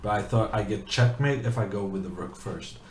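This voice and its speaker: A man's voice: on the low side, normal speed, a little mellow, echoey room, slight background noise. A man streaming chess, chatting in a rambling way and reading viewers' questions aloud. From Norway. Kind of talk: casual commentary while playing chess.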